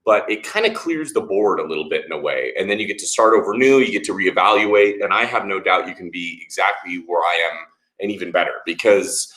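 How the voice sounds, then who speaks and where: A man's voice: sits low, a little fast, fairly bright tone, roomy sound. A man co-hosting a fitness channel, reading viewer comments aloud and giving friendly, encouraging replies.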